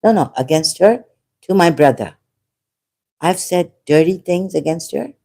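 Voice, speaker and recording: A woman's voice: on the low side, animated, unhurried, gravelly, mellow. A woman talking in an unscripted monologue as an online commentator, impassioned and rambling, often repeating herself.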